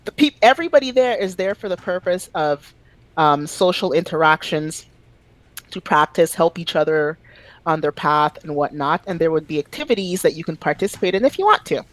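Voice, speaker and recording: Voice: mid-range voice, animated, moderate pace, a bit bright, no room sound, rough recording. A podcast guest speaking casually and emphatically, full of fillers, about their own language business. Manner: opinionated, emphatic, frequent fillers.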